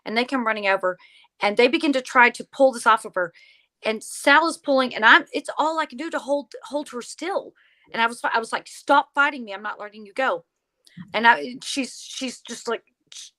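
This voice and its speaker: A woman guest telling a story in conversation, animated, acting out the lines of the people in it. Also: on the high side, normal speed. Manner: animated, acts out quoted dialogue. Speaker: podcast guest, paranormal investigator.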